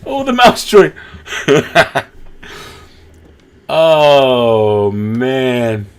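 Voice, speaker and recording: A man hosting a live watch-along stream, reacting with excitement, gasps and laughter. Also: mid-range voice, very slow, clean tone. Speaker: livestream host.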